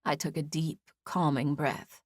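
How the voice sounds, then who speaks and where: Low-voiced woman narrating an audiobook. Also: flat delivery, a little slow, no echo, clean studio sound. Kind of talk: scripted first-person audiobook narration.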